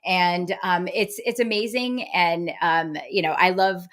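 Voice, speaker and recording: A woman's voice: on the low side, fairly even intonation, a little slow, fairly bright tone. A woman who is a guest medium, chatting cheerfully with many filler words and frequent laughs. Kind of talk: casual interview chat.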